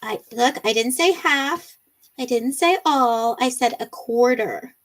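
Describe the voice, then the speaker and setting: A woman's voice: a little high, slow. Giggly woman hosting a chatty livestream. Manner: laughs often, bubbly and chatty. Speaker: livestream host. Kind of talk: casual live-stream chat, reading viewer comments.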